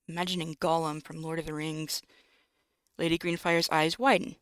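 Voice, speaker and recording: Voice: medium pitch, level tone, normal speed, a bit bright, smooth, no room sound, rough recording. A host reading a text-based game aloud, breaking in with wry jokes and asides. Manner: wry, jokey, self-interrupting. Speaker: narrator and let's-play host.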